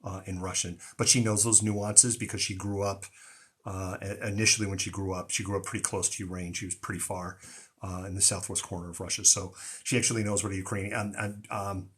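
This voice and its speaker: A man's voice: low voice, flat delivery, a little fast, fairly bright tone, slightly rough. A man hosting a live stream, talking casually with many ums and restarts, with a mostly neutral American accent that has a slight Boston tinge. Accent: General American with a slight Boston tinge. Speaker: news show host.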